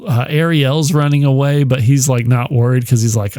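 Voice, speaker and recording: A man's voice: mid-range voice, fairly even intonation, normal speed, few pauses, warm tone, no room sound. A man in the middle of his range retells a story in a loose, rambling way, full of swearing and fillers. He breaks into laughs often. The sound is close and dry. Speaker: podcast host. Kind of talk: casual retelling of a novel's plot.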